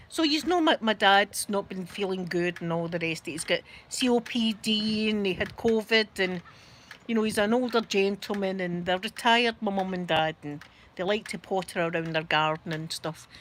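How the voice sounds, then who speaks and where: A middle-aged Scottish woman hosting a live stream, telling funny stories in a casual, animated way and often laughing. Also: mid-range voice, a little hiss or hum. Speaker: livestream host. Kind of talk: casual storytelling.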